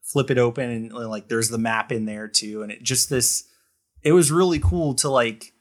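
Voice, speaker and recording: A man chatting as a podcast guest, his voice sitting at an ordinary pitch. He rambles in a casual way, packing his talk with fillers and false starts. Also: normal speed. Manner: rambling, full of "like" and restarts. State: choked up. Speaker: guest artist.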